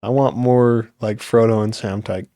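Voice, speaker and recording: A man's voice: fairly low pitch, fairly even intonation, measured pace, warm tone, no echo, clean studio sound. A young man hosting a podcast, rambling on earnestly in a casual chat, with many fillers. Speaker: podcast host.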